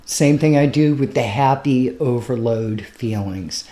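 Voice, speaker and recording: A woman's voice: extremely low pitch, unhurried, hardly any pauses, warm tone. A woman comedian telling a story casually, frank and self-mocking, with laughs slipping in. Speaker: stand-up comedian.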